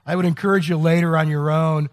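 A man's voice: fairly high pitch, flat delivery, fast. Rambling, self-interrupting male pastor. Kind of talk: sermon.

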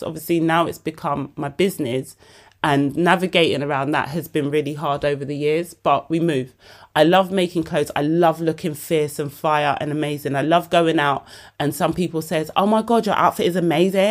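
A young woman hosting her own podcast, chatting casually and openly, laughing often and calling her listeners babe. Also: low voice. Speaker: podcast host. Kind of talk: casual solo podcast chat.

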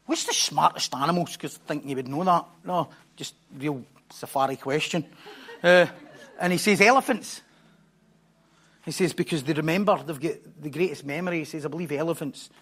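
A man preaching a sermon, telling a story with animated repetition and stumbling restarts. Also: on the high side, normal speed, pauses often, slightly rough.

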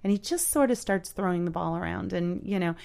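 A woman telling a heartfelt story in casual chat, halting, with many restarts and "you know". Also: on the low side, creaky, a little mellow. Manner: earnest, heartfelt. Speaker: storyteller guest.

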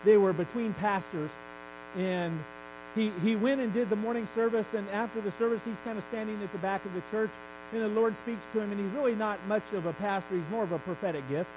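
Man, high voice, candid conversational preacher, faint mains hum behind. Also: brisk. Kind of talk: sermon.

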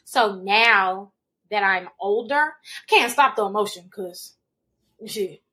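A bright-voiced woman speaking openly on a casual podcast. She rambles, restarts her sentences and leans on slang. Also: mid-range voice, takes it slowly. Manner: candid, rambling, self-interrupting, casual slang. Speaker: podcast co-host. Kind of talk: casual chat.

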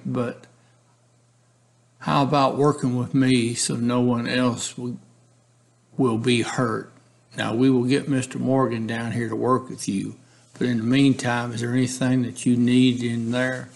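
A man reading as a patient, gravelly police negotiator. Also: mid-range voice, measured pace. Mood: coaxing. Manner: steady, repetitive coaxing reading. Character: male police negotiator, patient, persistent, pleading. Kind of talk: reading a case transcript aloud.

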